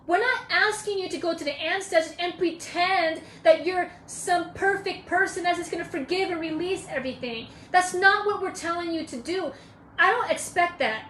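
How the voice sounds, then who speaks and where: A woman's voice: sits high, fairly bright tone, roomy sound, a little hiss or hum, poor audio. A woman giving casual spiritual advice on a live stream, emphatic and preachy, repeating her points. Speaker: spiritual teacher.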